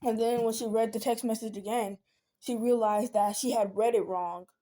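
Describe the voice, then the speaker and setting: Young woman vlogger, casual venting storytime, soft mellow voice, slightly high, rambling with fillers. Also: fairly even intonation, moderate pace. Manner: rambling, with many fillers and restarts.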